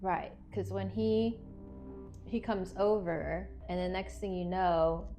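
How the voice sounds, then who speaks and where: A woman's voice: lowish voice, level tone, slow pace, mellow, faint music behind, low-quality recording. A woman co-hosting a casual film review podcast, retelling scenes with animation and acting out the characters' lines. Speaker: podcast co-host.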